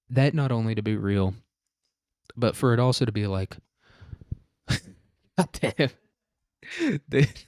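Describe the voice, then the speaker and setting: A man's voice: on the low side, darkish tone, dry recording, clean studio sound. A young man hosting a casual, crude comedy recap of a story at home, joking a lot, laughing and saying "dude.". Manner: crude joking, says 'dude' a lot, laughs at own jokes. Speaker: host.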